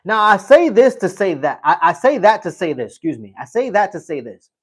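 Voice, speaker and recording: A man's voice: sits high, big pitch swings, a little fast, husky. A middle-aged man hosting a casual livestream, reading chat and telling a rambling story, often repeating himself.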